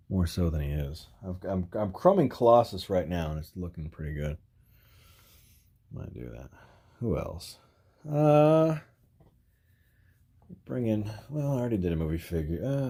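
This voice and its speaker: Deep-voiced man rambling through a toy review. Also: mellow, husky. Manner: rambling, filler-heavy, frequent "you know"; chuckles while handling figures. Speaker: toy collector reviewing action figures. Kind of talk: casual toy review vlog.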